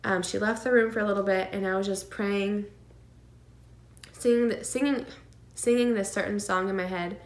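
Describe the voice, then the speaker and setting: Woman vlogger telling a scary personal story, earnest and emotional, lots of ums and little laughs, mid pitch, echoey room. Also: steady tone, moderate pace. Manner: emotional, earnest, many fillers and nervous laughs. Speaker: vlogger sharing her twin pregnancy.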